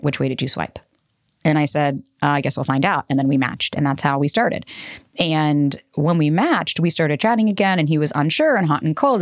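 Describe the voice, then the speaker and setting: Low-voiced candid woman podcast host. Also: no echo, clean studio sound. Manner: candid, swears freely, acts out quoted people. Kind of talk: casual solo podcast talk.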